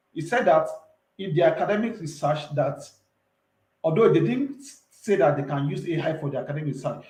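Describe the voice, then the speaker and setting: A man's voice: fairly high pitch, echoey room, rough recording. A man, talking earnestly and emphatically as an entrepreneur guest in a casual interview, often repeating himself.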